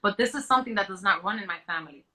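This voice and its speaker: Bright-voiced woman telling her story. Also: mid-range voice, racing, rough recording. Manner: earnest, acts out what others said to her; frequent restarts and trailing off. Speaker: interview guest sharing her story. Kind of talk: personal storytelling interview.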